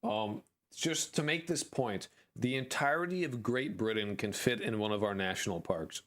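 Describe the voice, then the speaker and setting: A man's voice: fairly low pitch, moderate pace, a bit bright. An American man chatting on a live stream, rambling and jokey, with crude language. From United States. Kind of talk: casual live-stream chat.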